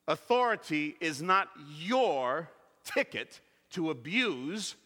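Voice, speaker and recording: A man preaching a sermon, leading the congregation in call-and-response with emphatic, deliberate phrasing. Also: high-pitched, big pitch swings, sharp tone. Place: church. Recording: echoey hall.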